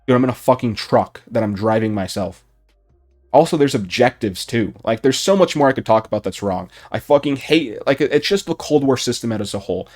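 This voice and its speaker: A young man giving unscripted commentary on a video game, heated and profane, with his voice rising toward shouting. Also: medium pitch, lively intonation, fairly quick. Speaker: gaming YouTuber.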